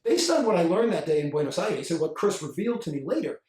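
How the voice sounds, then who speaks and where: Animated man telling a story. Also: sits high, fast talker. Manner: animated, acts out dialogue. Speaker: speaker and author. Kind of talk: storytelling talk. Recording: roomy echo, mic at a distance.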